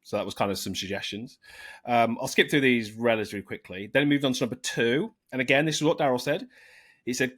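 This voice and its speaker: Man, podcast co-host, mid-pitched voice, reads points aloud and comments, casual. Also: fast, a bit bright, breathy edge. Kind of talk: casual chat.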